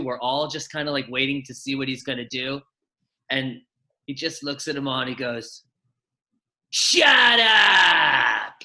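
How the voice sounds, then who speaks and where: A middle-aged man, an actor and former kids' show host, chatting on a video call and telling lively stories with acted-out voices. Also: on the high side. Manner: animated storyteller, acts out voices and shouts. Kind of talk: casual chat, storytelling.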